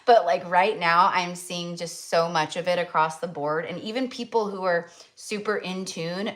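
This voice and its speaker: A middle-aged woman hosting a tarot livestream from a rural home, chatting in a rambling, animated way, full of "like" and the odd swear word. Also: fairly low pitch, normal speed. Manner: animated, filler-heavy ranting with frequent "like" and swearing. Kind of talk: rambling casual livestream chat.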